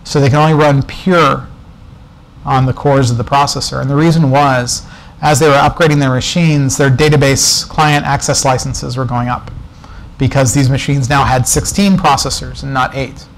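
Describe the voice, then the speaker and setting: A man's voice: mid-range voice, steady tone, normal speed, a little hiss or hum, poor audio. A man speaking as a guest speaker at a developer meetup, telling a casual, digressive story with asides and jokes. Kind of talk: conference talk, anecdotal storytelling. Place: presentation room before an audience.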